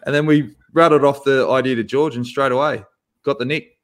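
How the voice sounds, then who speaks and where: Animated man telling stories. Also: medium pitch, brisk. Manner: animated storyteller who acts out quotes. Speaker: podcast co-host. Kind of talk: casual banter.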